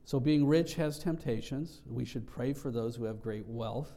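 A man preaching a sermon in a gravelly, mellow voice. He teaches in an earnest, reflective way, pausing and restarting as he works through scripture. His pitch sits in an ordinary middle range. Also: slight background noise. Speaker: pastor.

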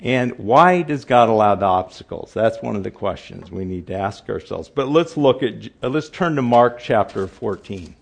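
A man's voice: lowish voice, expressive, normal speed, vocal fry, hardly any pauses. An older man giving an informal Bible teaching, repeating his points for emphasis and often restarting his sentences.

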